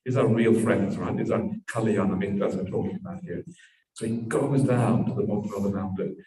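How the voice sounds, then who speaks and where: Male monk teacher, low and mellow, dharma talk, distant echoey mic. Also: steady tone, brisk. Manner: storytelling with frequent tag "yeah"s. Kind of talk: dharma talk at a meditation retreat.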